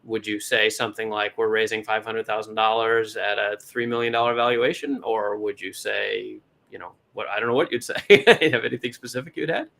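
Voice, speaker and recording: A man with a West Coast American accent giving casual, encouraging feedback on a startup pitch. He talks in a chatty way and often breaks off and restarts his sentences. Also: steady tone, a little fast, gravelly, hardly any pauses, sharp tone. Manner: chatty, encouraging, self-interrupting. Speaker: startup advisor and event host.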